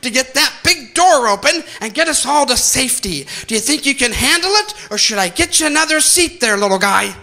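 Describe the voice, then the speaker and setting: A man's voice: very high voice, animated, brisk, hardly any pauses, sharp tone, heavily acted. A man voicing a condescending woman flight attendant who talks down to a passenger as if to a child.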